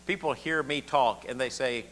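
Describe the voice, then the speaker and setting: A man's voice: mid-range voice, normal speed, fairly bright tone, a little hiss or hum. An older man from the southern United States with a Southern accent, preaching a conversational sermon and asking the congregation questions. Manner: folksy, asks the room questions, repeats words often. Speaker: pastor.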